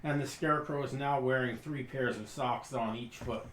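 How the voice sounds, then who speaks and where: A man narrating a tabletop game as game master, describing scenes quickly. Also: mid-range voice, steady tone, fairly bright tone, roomy sound, a little hiss or hum, rough recording.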